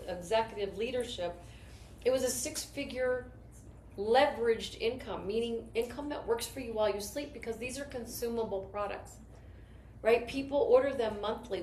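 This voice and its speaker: A woman's voice: fairly high pitch, a little mellow. A woman leading a network marketing team, telling stories in an enthusiastic, rambling motivational talk. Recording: roomy echo with faint noise.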